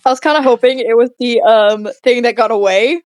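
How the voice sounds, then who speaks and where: A playful woman taking part in a tabletop game, hesitant and giggly. Her voice is high and smooth, recorded close and dry. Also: brisk, darkish tone, dry recording. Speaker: player. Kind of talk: casual tabletop play.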